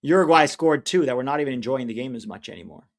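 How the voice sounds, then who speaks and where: A man hosting a live stream, talking in an easygoing, rambling way as he reads viewer comments. His voice sits at an ordinary middle pitch. He gives relaxed opinions and trails off when he is hunting for a name. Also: quick pace. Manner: rambling, chatty, loses track of names mid-sentence. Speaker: livestream watch-along host. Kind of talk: casual livestream chat, reading viewer comments.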